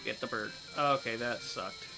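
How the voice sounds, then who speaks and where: A man's voice: mid-range voice, unhurried, vocal fry, music in the background. A young man giving casual, rambling commentary over a game he is playing, talking on with many fillers and restarts. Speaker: gaming YouTuber.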